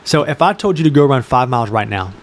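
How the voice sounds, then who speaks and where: A young man talking in a loose, rambling podcast chat, full of fillers and quick acted-out quotes. His pitch sits in an ordinary middle range. A faint hiss of noise sits under the recording. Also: expressive. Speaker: podcast co-host. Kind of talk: casual chat.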